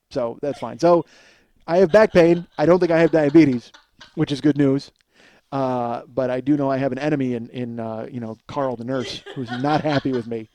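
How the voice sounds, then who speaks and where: A man in his forties hosts his own comedy podcast as a loose storytelling monologue. He rambles and mocks himself, with many fillers. His voice is mellow and warm rather than bright, in the middle range for pitch. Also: fairly even intonation, normal speed. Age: 40s. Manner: rambling, self-deprecating, full of fillers.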